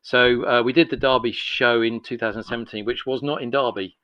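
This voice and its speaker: A man's voice: mid-range voice, steady tone, a little fast, no echo, lo-fi sound. A man in his sixties from London with a North London accent, a podcast guest telling long, rambling anecdotes in a chatty way. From London, England. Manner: chatty, acts out dialogue in anecdotes. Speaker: podcast guest, miniatures business owner.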